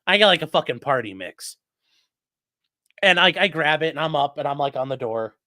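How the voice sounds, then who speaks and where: A man in his late thirties telling a story in a casual, animated and profane way as the host of a livestream, full of gun jargon. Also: fairly high pitch, normal speed, no room sound. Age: late 30s.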